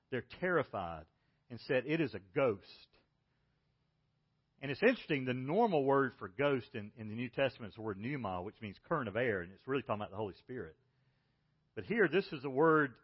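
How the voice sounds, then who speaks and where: A middle-aged man preaching a sermon as pastor, telling a personal story and moving between loud, excited bursts and hushed, tender lines. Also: on the high side, highs cut off.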